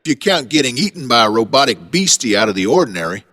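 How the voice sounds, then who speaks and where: A man voicing a rough, defensive father who talks back sharply. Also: mid-range voice, very animated, fast, bright, forceful tone, long reverb tail. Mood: sardonic.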